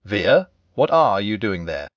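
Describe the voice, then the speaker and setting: A man voicing a brisk, bossy male rabbit who speaks matter-of-factly. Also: lowish voice, big pitch swings, no echo, dull audio, pitched below the performer's own voice.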